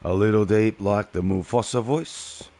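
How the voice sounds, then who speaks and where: A man's voice: lowish voice, a little slow, dark tone. A young man streaming a game, chatting casually and answering viewers' messages by name. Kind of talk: casual live-stream chat while gaming.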